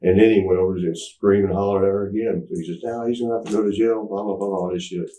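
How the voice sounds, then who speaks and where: A man with a low, dark voice and fairly even intonation talks fast as an interview guest, telling a candid story. He rambles, restarts, and acts out what people said, recorded in a roomy space with the mic at some distance.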